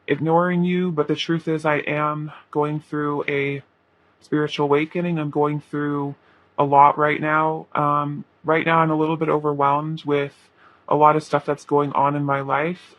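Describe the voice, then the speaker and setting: A man reading tarot, speaking a channeled message in the first person in a halting, earnest way with many pauses and fillers. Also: fairly high pitch, fairly bright tone, dry recording, poor audio. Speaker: tarot reader.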